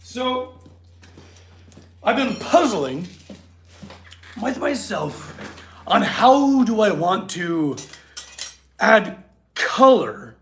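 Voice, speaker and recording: A man's voice: high voice, sing-song, drawn-out words, long pauses, fairly bright tone, slight background noise. A man streaming from his metal workshop, chatting loosely with viewers and fussing over his dogs. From California. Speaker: blacksmith streamer. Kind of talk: casual livestream chat.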